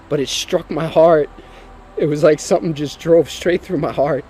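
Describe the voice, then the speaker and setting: A man's voice: on the high side, steady tone, moderate pace, warm tone, soft background music. A man earnestly and emotionally telling his personal testimony, sometimes repeating himself as he speaks.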